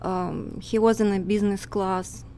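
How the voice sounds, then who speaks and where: A woman guest in a casual conversation, speaking halting, hesitant English that is not her first language. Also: medium pitch, steady tone, mellow, slight background noise.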